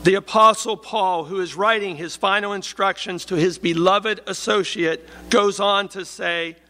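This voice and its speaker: A man preaching a sermon in a measured, emphatic way, slowing down to stress key phrases. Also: sits high, steady tone, bright, forceful tone.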